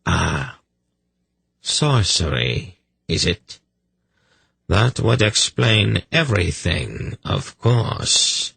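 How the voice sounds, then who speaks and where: A male audiobook narrator voicing a menacing older male sorcerer-priest who speaks in a calm, deadly, mocking way. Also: low voice, gravelly, slightly rough, no echo, heavily acted. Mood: coldly mocking. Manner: slow, cold, mocking. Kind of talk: audiobook character reading.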